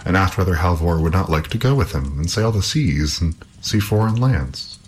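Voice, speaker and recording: A man reading a fairy tale aloud in an expressive, measured storytelling manner. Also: deep voice, slight background noise.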